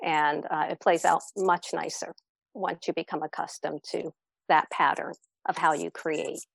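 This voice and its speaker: A woman's voice: low voice, flat delivery, a little slow, creaky, no echo. A woman speaking as a podcast guest, reflective and encouraging in casual conversation, with many fillers.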